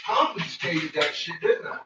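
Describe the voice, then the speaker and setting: A man rambling and cursing through a casual home cooking vlog, his pitch swinging widely as he talks to his dogs. The sound is dull and lo-fi, with loud noise running underneath. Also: moderate pace. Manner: profane, rambling, jumps to a high excited voice when talking to the dogs. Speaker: home cook vlogger. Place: home kitchen.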